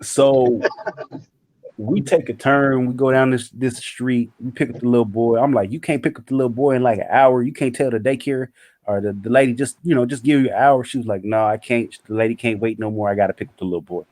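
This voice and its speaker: A man telling a story in casual chat, animated and profane, acting out other people's lines. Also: mid-range voice, brisk, no echo. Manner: animated, profane, acts out quotes.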